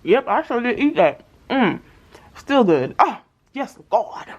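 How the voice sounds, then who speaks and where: A woman's voice: a little high, slow, breathy edge. A woman vlogging about her budget in a casual, playful chat, telling stories with lots of laughter and slang. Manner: animated storytelling with frequent laughter; playful slangy banter with viewers.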